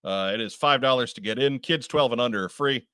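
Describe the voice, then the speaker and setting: A man's voice: mid-range voice, brisk, a bit bright, clean tone, no echo. Male podcast co-host, casual and chatty, reads news, dry close mic. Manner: chatty, many uh fillers. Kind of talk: casual chat.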